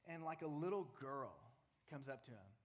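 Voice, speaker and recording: A man's voice: mid-range voice, lively intonation, normal speed. A man preaching a casual sermon, retelling a Bible story conversationally and asking his listeners questions. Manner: conversational, restarts, asks the audience questions.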